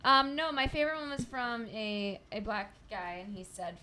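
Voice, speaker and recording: A woman's voice: fairly high pitch, expressive, moderate pace, bright, forceful tone, slight background noise. A woman comedian guest on a podcast, telling stories and reading out messages in casual chat.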